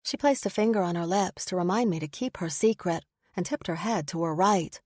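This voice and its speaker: A woman narrating a first-person audiobook in a measured, expressive storytelling manner, close to the mic. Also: on the low side, no echo.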